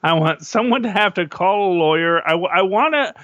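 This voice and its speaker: A man's voice: sits high, lively intonation, brisk, fairly bright tone, no echo, highs cut off. A man co-hosting a podcast, asking wry questions in casual chat and tripping over repeated words. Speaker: podcast co-host. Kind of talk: casual comic book review chat.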